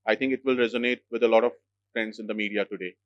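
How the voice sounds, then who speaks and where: A man who is an editor-in-chief gives a formal address at an event, speaking in a measured way with frequent "uh" fillers. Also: on the low side, fairly even intonation, dry recording. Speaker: editor-in-chief of a legal news outlet. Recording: dry, slightly dull lo-fi sound.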